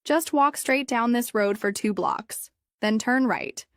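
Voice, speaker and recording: A woman's voice: a little high, takes it slowly, a bit bright, dry recording, clean studio sound. A woman reading as a friendly shopkeeper man. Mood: helpful. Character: friendly male shopkeeper giving directions.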